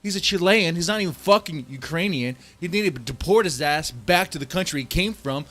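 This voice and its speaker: A man from Texas ranting on a livestream, profane and heated, swinging between loud outbursts and low muttering. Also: animated, a little fast, few pauses. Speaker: streamer. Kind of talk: livestream rant.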